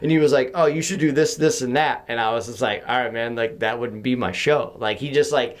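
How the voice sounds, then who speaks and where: A young man talks in a loose, rambling way, full of fillers and quick self-deprecating laughs. His voice sits at an everyday middle pitch. He sounds like a podcaster on a home mic during a remote call. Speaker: podcast host as guest. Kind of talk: casual chat.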